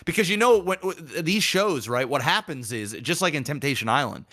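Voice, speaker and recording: A man with a bright, forceful voice sitting slightly high for a man, talking on a casual podcast. He tells stories in an animated, profane way and jumps into the voices of the people he quotes. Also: fairly quick. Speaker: podcast co-host.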